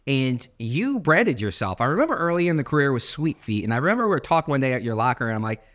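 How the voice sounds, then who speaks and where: Quick, chatty male co-host. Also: mid-range voice, sing-song. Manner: chatty, warm storytelling questions. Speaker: podcast co-host, former sports reporter. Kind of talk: casual interview chat.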